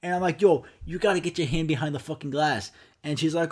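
A young man with a slightly high voice rants into a microphone on his solo podcast. He talks in a profane, exasperated way, swearing constantly and jumping into quoted back-and-forths. He plays both himself and the people who annoy him. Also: quick pace. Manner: acts out customers and himself in quoted dialogue. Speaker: podcast host. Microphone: studio microphone.

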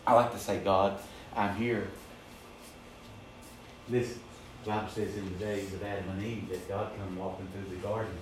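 A man's voice: low-pitched, level tone, normal speed, background noise. A man preaching a sermon in an emphatic, repetitive cadence in a church. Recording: very echoey, distant mic.

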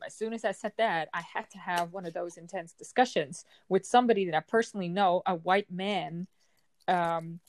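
A woman in her forties speaking in an emotional personal monologue, heated and frustrated, with forceful outbursts. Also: medium pitch, dry recording. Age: 40s.

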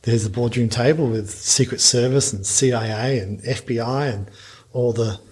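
A man, a business founder telling a long anecdote in a podcast interview, lively and full of restarts. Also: mid-range voice, normal speed, slightly rough. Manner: animated anecdote telling with frequent restarts and laughs.

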